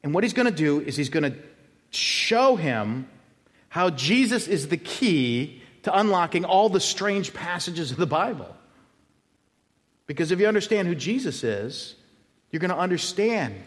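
Male pastor, higher-voiced, lively preaching with congregation asides; sound of a reverberant church hall. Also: a little slow. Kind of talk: expository sermon. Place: church sanctuary.

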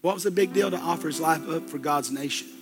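Man, preacher, sermon, folksy storytelling, high-pitched, faint guitar behind. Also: fast. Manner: folksy storytelling with colloquial asides.

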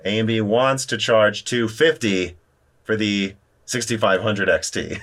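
The man hosting this informal tech talk is animated, with lively jumps in pitch. Quick restarts don't slow him down; he just talks through them.

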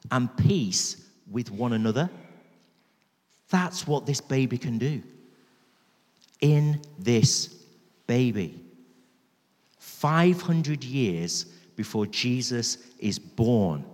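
A man's voice: medium pitch, a little mellow. A man preaching a sermon in a church, emphatic and repeating key phrases for weight. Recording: reverberant church hall.

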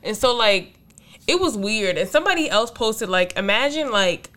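A woman's voice: a little high, normal speed. A woman co-hosting a casual chat, telling stories animatedly and acting out other people's lines with a lot of "like". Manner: animated storytelling, acting out quotes, frequent "like".

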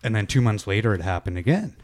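A man's voice: lowish voice, fast talker. A man co-hosting a podcast from his kitchen, telling stories with lots of swearing and laughter. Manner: swears a lot, laughs often, animated storyteller. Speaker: podcast co-host. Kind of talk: casual chat. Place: home kitchen.

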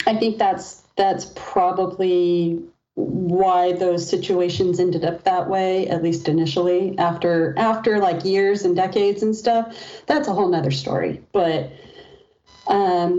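A woman who speaks slowly and easily in a mellow, warm tone. She chats casually as a podcast co-host and laughs easily. The sound is dull and lo-fi. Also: on the low side, steady tone. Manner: unhurried, chatty, laughs easily. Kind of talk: casual chat.

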